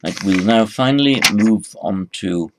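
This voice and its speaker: A man teaching a Sanskrit lesson, slowly repeating each phrase for the learner. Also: fairly low pitch, animated, noisy background. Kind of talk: recorded language lesson.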